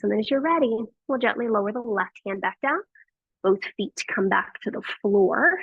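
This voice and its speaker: A woman teaching a yoga class, giving gentle and encouraging cues with frequent praise, on tinny phone-like audio. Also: mid-range voice, breathy edge, no echo. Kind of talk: guiding a live yoga class.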